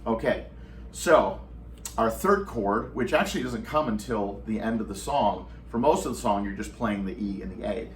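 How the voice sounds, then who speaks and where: A man's voice: on the low side, lively intonation, normal speed, slight background noise. A man teaching a guitar lesson, patiently walking through chord shapes step by step and counting beats aloud. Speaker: guitar instructor. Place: at home. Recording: distant mic with guitar playing.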